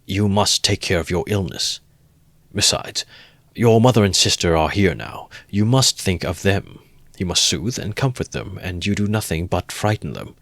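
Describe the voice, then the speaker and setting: Brief: man reading as a needling investigator, deep voice, dry close sound, teasing and ironical. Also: animated, moderate pace, creaky, a bit bright, no room sound, heavily acted. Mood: sly. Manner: teasing, good-humoured, needling questions. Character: sly, ironical middle-aged male investigator.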